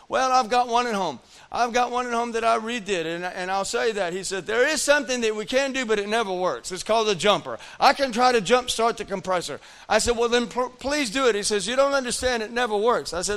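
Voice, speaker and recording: A man's voice: very high-pitched, a little fast. A man preaching a sermon as pastor, telling a story with acted-out dialogue and repeatedly calling on his congregation to answer. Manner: animated preaching with audience call-outs; acts out quoted dialogue in storytelling.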